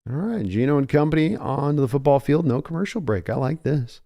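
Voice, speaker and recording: A man's voice: on the high side, lively intonation, fairly quick, warm tone. A man giving fan play-by-play commentary on a live game, talking conversationally with his early morning voice and climbing in energy when a big play breaks. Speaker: live reaction host.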